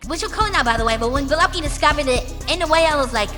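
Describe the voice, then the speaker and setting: Casting: brash, swearing woman musician from the UK, high sharp voice, long reverb with music underneath. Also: lively intonation. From United Kingdom. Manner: brash and profane, drawn-out emphatic phrases. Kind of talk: casual interview answers. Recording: reverberant room with music behind.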